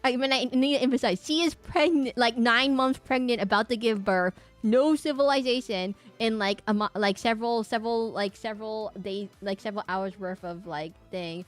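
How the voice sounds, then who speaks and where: A woman's voice: a little high, normal speed, few pauses, faint music behind. A woman streamer chatting casually with her live audience, rambling with lots of fillers and restarts.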